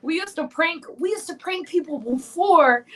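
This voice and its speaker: A woman in her forties, a podcast guest telling childhood stories in a chatty, animated way. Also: extremely high pitch, normal speed. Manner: chatty, animated storyteller, many "like" fillers. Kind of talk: casual chat.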